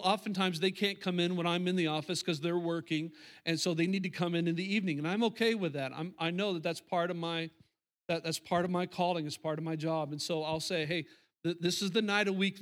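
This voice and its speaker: A middle-aged man preaching a sermon to his congregation, talking conversationally and repeating phrases for emphasis. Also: high voice. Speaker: pastor. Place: church sanctuary.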